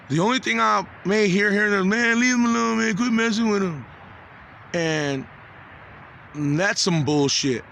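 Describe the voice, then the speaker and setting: A man in his forties with a high-pitched voice pours out an agitated, swearing monologue to camera. He trips over his words and restarts constantly. Faint traffic noise hums behind him. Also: vocal fry, fairly bright tone. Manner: agitated, profane, halting with many restarts. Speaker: vlogger. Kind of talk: rambling confessional video monologue.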